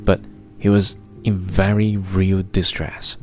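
Brief: male audiobook narrator, low voice, measured literary read, soft guitar underneath. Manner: measured, literary first-person reading. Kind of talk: scripted narration. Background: faint guitar music.

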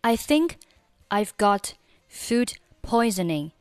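A woman teaching English phrases in a slow scripted lesson, reading each line twice with careful diction. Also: medium pitch, animated, no room sound, soft background music. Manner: reads phrases twice, slowly and clearly.

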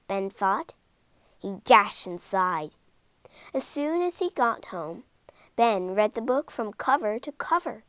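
Woman, storybook reader, slow, animated, highish voice, dry close sound. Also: dry recording. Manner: slow, expressive read-aloud. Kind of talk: children's storybook reading.

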